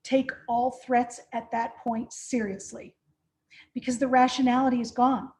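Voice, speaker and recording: A woman's voice: on the high side, little pitch movement, measured pace, a little mellow. A woman presenting a training session, practical and direct, often checking in with "right?". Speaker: conference trainer.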